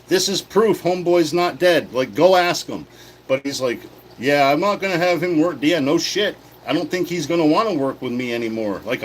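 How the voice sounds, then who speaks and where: A man's voice: fairly high pitch, slight background noise, poor audio. A man on a livestream telling a casual, profane story in a blunt, heated way. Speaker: livestream host.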